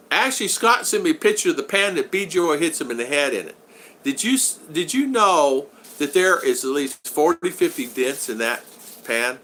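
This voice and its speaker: Lively, bright-voiced American man hosting a stream. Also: on the high side. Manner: rambling, greets viewers by name with shout-outs. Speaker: live-stream host. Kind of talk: casual live-stream chat. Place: home in the Philippines.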